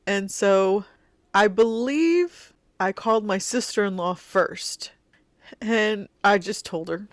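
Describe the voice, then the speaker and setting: A middle-aged woman hosting a podcast, telling a personal story in a halting, heartfelt way with many fillers and restarts. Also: medium pitch, dry recording, clean studio sound. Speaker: podcast host.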